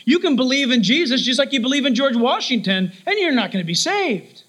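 A man preaching a sermon, telling stories with lively shifts of voice and acting out the people in them. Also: very high-pitched, fairly quick, poor audio. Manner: animated storytelling, acts out quoted voices.

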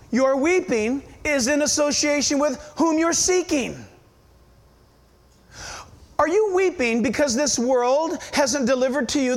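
A man preaching a sermon as pastor, emphatic and firing rhetorical questions at his listeners. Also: very high-pitched.

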